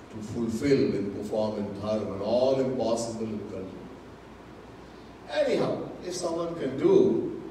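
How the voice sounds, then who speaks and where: A man with a Trinidadian accent preaches slowly from a little way off the mic, his voice sitting a touch high for a man. The temple hall throws back a strong echo, and faint ambient noise hangs under his words. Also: dark tone. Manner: slow, emphatic teaching, mixing Hindi and Sanskrit terms, repeating key words. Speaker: swami giving a Gita discourse. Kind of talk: sermon. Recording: distant mic in an echoey hall.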